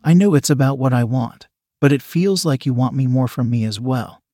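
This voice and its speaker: A man's voice: mid-range voice, moderate pace, dark tone, no echo, studio quality, close to an everyday voice. A man reading the lines of an eager young woman hotel employee in his own plain voice. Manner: read plainly in the narrator's own voice.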